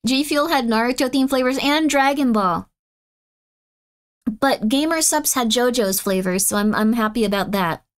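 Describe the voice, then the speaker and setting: A woman streamer chatting casually with her live chat, excitable and mock-outraged, swinging between loud bursts and muttered asides. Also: on the high side, moderate pace.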